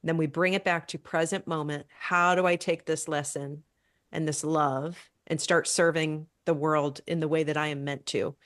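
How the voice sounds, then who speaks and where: A woman hosting a podcast who talks as a coach, reflective and encouraging. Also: low-pitched. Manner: earnest, encouraging.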